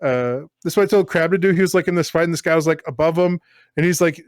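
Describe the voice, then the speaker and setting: A man's voice: fairly high pitch, very fast, no echo, clean studio sound. Chatty man rambling on a podcast. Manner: rambling, filler-heavy, animated storytelling. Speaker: podcast co-host. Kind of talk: casual chat.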